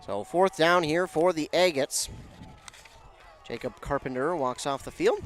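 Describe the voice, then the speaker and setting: A man calling a local high school football game, chatty and self-correcting, rising in pitch and volume on big plays. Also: measured pace. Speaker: play-by-play announcer. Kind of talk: local football play-by-play commentary.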